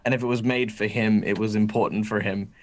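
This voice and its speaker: A player in a tabletop game describing what his character does, in a halting way with frequent restarts. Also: fairly low pitch, steady tone. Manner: halting, repeats himself while describing.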